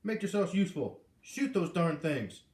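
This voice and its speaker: A man's voice: on the high side, sing-song, moderate pace, a little mellow, voice pushed up. A man reading aloud, voicing a blustering, bullying corporate executive who hisses and snaps his threats, in a roomy recording. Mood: sneering. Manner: hissing, snapping, bullying. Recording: roomy echo.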